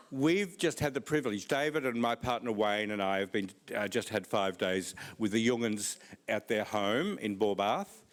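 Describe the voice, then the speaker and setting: Slow, clear Australian man. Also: fairly low pitch. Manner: deliberately slow and clear for a foreign audience. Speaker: conference speaker. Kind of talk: conference talk.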